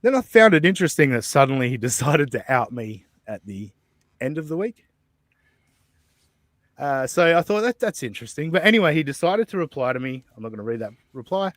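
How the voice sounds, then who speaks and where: A man's voice: medium pitch, sing-song, brisk, dry recording. A man hosting a podcast in casual chat, rambling and swearing freely, with lots of fillers and chuckles. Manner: rambling, profane and laughing, with many fillers. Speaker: podcast host. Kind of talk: casual chat, reading out messages.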